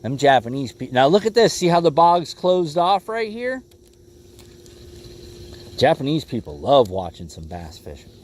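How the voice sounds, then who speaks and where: A man's voice: on the high side, sing-song, normal speed, pauses often, a little hiss or hum. A man hosting a casual fishing livestream from a boat, laid-back and calling viewers "bro" and "bud.". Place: outdoors on a boat on a lake.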